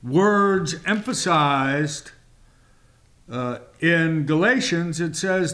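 Very slow, high-voiced male Bible teacher. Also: expressive, fairly bright tone. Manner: measured, emphatic, with long pauses and fillers. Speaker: Bible teacher and show host.

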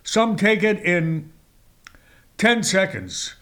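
Slow, emphatic preacher man. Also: sing-song, fairly bright tone. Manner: slow, emphatic delivery with sudden rises in pitch; reads scripture in old-fashioned wording. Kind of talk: sermon with scripture reading.

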